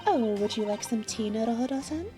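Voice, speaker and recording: A woman voicing a gentle, courteous young woman assistant, prim and lightly scolding. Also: on the high side, fairly quick, music in the background, close to an everyday voice. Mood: polite. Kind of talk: voicing game dialogue live.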